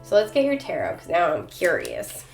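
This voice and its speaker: A woman's voice: lowish voice, wildly swooping pitch, moderate pace, soft background music. A woman giving a casual tarot reading, talking straight to the viewer with plenty of likes and ums. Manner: chatty, filler-heavy, addresses viewer directly. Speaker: tarot reader.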